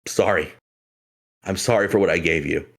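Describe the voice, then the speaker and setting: A man voicing a solemn male sorcerer who speaks gravely and apologetically. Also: sits low, normal speed.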